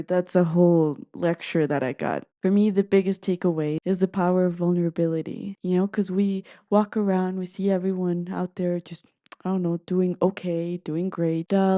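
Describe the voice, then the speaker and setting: A woman's voice: on the low side, warm tone, dry recording, dull audio. A woman podcast host telling a personal story in an earnest, emotive, heartfelt way.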